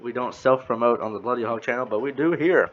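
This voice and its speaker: A man's voice: medium pitch, quick pace, a little hiss or hum. A man hosting a casual podcast, rambling and chuckling, often trailing off mid-sentence. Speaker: podcast host. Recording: slightly muffled lo-fi audio.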